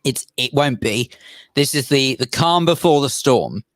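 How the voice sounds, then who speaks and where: A man's voice: medium pitch, lively intonation, a little slow, a bit bright, no echo. A man with a South African accent co-hosting a radio show, bantering with dry wit. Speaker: radio co-host. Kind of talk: casual radio chat. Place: radio studio.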